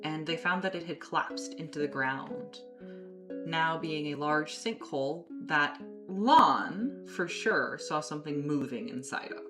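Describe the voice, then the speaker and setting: Brief: woman game master, low voice, unhurried recaps, music playing behind. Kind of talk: narrating a tabletop horror game.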